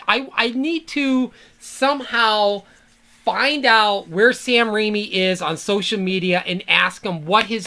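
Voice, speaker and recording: A podcast host talks alone in a loose, rambling monologue, swearing freely and drifting off topic. The voice is bright and forceful. The delivery is a casual fan rant rather than a prepared script. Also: medium pitch.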